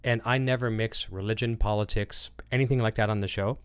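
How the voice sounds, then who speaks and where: Give me a man with a low, smooth voice, rambling casually on a livestream and reading out chat. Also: fairly even intonation, fairly quick. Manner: rambling, reads chat comments aloud, frequent fillers. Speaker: livestream host.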